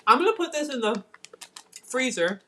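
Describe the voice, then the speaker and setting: A woman's voice: sits high, sing-song, moderate pace, pushed and bright, a little hiss or hum. Woman, live cooking vlogger, chatty and casual, says y'all a lot. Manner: chatty, addresses viewers as y'all, savoring food.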